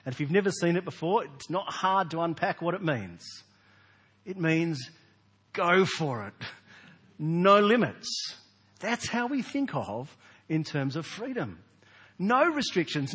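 A man, preaching a sermon in a large church in a lively, conversational way with rhetorical questions. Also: a little high, breathy edge. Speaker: pastor. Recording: long hall reverb.

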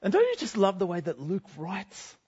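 A man's voice: high-pitched, huge pitch swings, moderate pace, darkish tone, slightly rough, dull audio, exaggerated voice. A man giving a first-person sermon in character as a cheerful, chatty apostle, talking to a congregation in a school gym. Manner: chatty, self-deprecating, bubbly. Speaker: guest speaker.

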